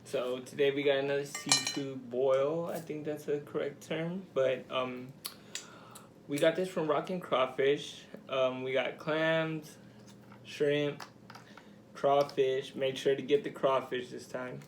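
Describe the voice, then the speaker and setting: A man's voice: medium pitch, fairly even intonation, slow, slight background noise. A man co-hosting a mukbang with his partner, talking casually and hesitantly with many ums. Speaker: co-host partner. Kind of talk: casual chat while eating.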